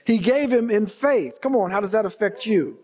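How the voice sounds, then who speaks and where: A man's voice: high-pitched, normal speed, darkish tone. A man preaching a sermon as pastor, emphatic and repeating his key phrases for weight. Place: church sanctuary. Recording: long reverb of a large hall.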